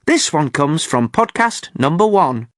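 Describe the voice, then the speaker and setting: A male podcast host presenting a scripted learner show in clear, careful speech with a lively, varied pitch. He sounds lightly amused, recorded on a close, dry studio mic. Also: a little slow, dry recording.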